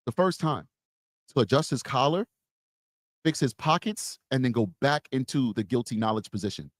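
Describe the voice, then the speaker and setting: A man's voice: medium pitch, lively intonation, normal speed, no room sound. A man co-hosting a live true-crime stream, commenting emphatically and repeating his points. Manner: emphatic, repetitive, opinionated.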